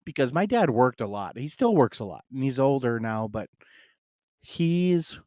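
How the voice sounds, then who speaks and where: A man's voice: mid-range voice, very animated, measured pace, mellow, no room sound. Rambling storytelling man, dry sound. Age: adult, married. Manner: rambling and storytelling, full of "like" fillers. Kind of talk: casual chat.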